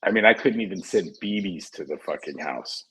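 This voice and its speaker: A man's voice: low-pitched, lively intonation, a little fast, sharp tone, breathy edge, rough recording. A man chatting as a podcast guest, blunt and plainspoken with frequent profanity. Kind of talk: casual chat.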